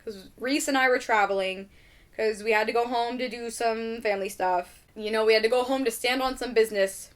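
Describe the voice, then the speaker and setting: A woman's voice: a little high, fairly even intonation, fairly quick. A young adult woman hosting a podcast in casual chat, ranting animatedly and swearing a lot. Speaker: podcast host.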